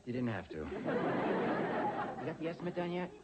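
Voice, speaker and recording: In a sitcom, an actor voices the lead character, a flustered middle-aged man who stammers and jokes through awkward moments. His fairly high voice swings widely in pitch at a slightly slow pace. A loud studio audience laughs over heavy background noise.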